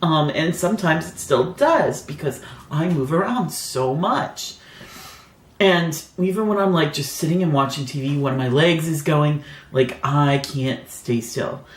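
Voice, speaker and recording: A beauty vlogger with a deep voice tells a personal story at a measured pace, the audio sounding roomy. Her casual storytime is chatty and rambling, packed with "like" fillers.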